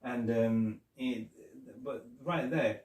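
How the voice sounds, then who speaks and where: A man's voice: mid-range voice, takes it slowly, darkish tone. A man co-hosting a podcast, casually retelling favourite scenes and quoting the characters. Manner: chatty, retells scenes with quoted lines. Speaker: podcast co-host. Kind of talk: casual chat reviewing a TV episode. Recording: roomy, distant mic.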